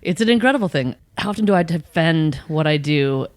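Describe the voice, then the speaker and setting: A woman with a slightly low voice talks casually as a podcast guest. She jumps into playful voiced asides and laughs often. The sound is dry and close. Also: expressive, brisk, dry recording. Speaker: guest, spiritual coach and channel.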